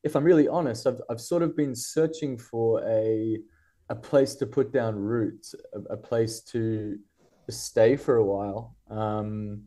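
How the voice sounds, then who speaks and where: Rambling Australian man, low mellow voice. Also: steady tone, unhurried. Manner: rambling, thoughtful, many fillers and restarts. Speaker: guest writer. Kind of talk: casual podcast interview.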